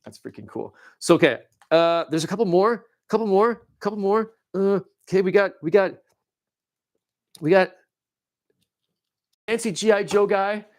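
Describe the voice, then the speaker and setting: A man hosting a livestream, giving excitable, rambling commentary on toy battles and reading chat, with frequent restarts and cheers. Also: high voice, measured pace, long pauses. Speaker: livestream host.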